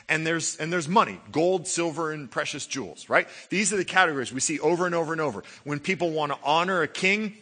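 A male pastor preaches with a bright, forceful voice pitched a little high. He swings between loud, emphatic build-ups and low, hushed stretches. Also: slightly rough. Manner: animated preaching, rising to loud emphasis then dropping low and quiet. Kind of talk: sermon.

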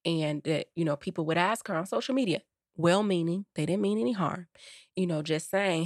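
A woman's voice: on the low side, a little fast, dry recording, studio quality. A woman co-hosting a podcast, chatting casually and telling stories with quoted voices. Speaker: podcast co-host.

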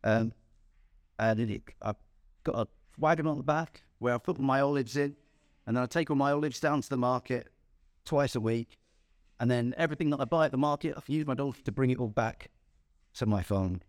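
A man's voice: medium pitch, brisk, no echo, studio quality. A man giving a sermon, telling a playful story in the first person and chuckling at his own jokes. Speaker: preacher.

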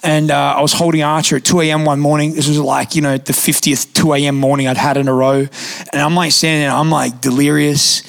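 A young man preaching a sermon in a church, telling stories in a lively, conversational way with casual fillers. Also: on the high side, fairly quick, creaky. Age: young adult. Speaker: pastor. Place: church auditorium.

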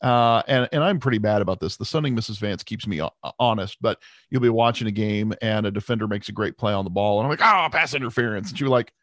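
A man co-hosting a sports podcast in casual chat, animated and self-deprecating, with frequent restarts. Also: lowish voice, fast, few pauses, no room sound, clean studio sound. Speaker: podcast co-host.

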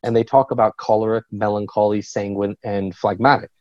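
A man being a quick, animated business coach. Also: lowish voice, dry recording, dull audio. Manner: energetic, quick-talking, animated storyteller. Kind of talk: podcast interview.

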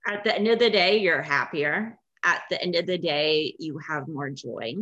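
Low-voiced woman host, muffled sound. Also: normal speed, a bit bright. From Indiana, USA. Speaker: podcast host. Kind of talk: casual podcast chat.

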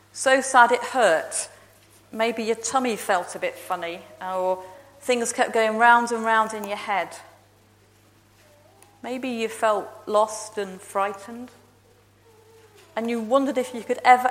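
A woman minister leading prayer and telling a Bible story with a measured, expressive delivery. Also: medium pitch. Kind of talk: sermon with prayer and children's story. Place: church. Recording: long reverb in a large hall.

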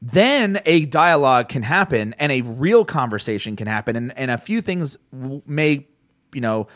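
A man's voice: medium pitch, moderate pace, no room sound, studio quality. A man hosting a podcast in casual chat, telling stories with lots of laughs and swearing. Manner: animated storyteller, swears freely, laughs often. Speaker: podcast host.

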